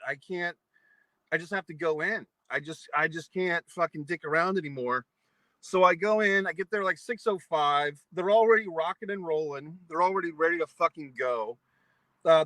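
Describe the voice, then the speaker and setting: A man's voice: fairly high pitch, sharp tone, no room sound, low-quality recording. A man from New England ranting at length, angry and profane, in a vlog monologue. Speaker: vlogger. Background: eating pizza.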